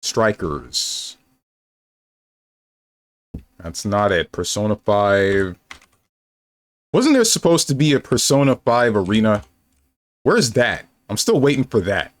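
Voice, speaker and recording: A young game streamer with a lowish voice is very animated yet speaks slowly, leaving long pauses. He chats casually on his live stream, thinking aloud in a playful, rambling manner, with no room sound in the recording.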